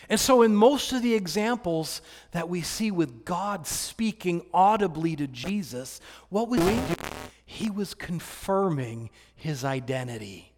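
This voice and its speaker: A man preaching a sermon, swinging between hushed, quiet passages and loud, excited ones. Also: a little high, measured pace. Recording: long hall reverb.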